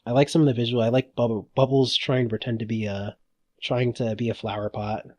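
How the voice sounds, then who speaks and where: Excitable rambling man. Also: mid-range voice, a little fast, dry recording. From United States. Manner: excitable and rambling, laughs often. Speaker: podcast co-host. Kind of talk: casual chat.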